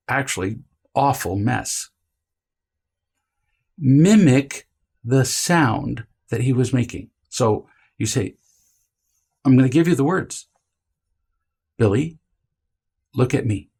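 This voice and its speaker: A man teaching parenting in a calm, deliberate coaching tone, drawing out key words for emphasis. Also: mid-range voice, vocal fry, slightly rough. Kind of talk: instructional talk to camera.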